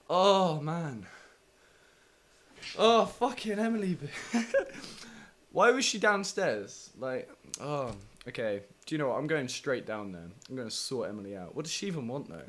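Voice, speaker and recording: Young man, gaming commentary from his flat, bright voice, big pitch swings, swears a lot. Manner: sweary, jumpy, wisecracking reactions. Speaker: gaming YouTuber. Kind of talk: let's play commentary. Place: home flat.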